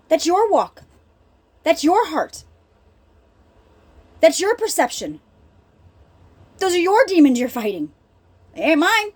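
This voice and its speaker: Middle-aged woman, very high pitch, earnest and emphatic, direct personal faith talk. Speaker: healing ministry speaker.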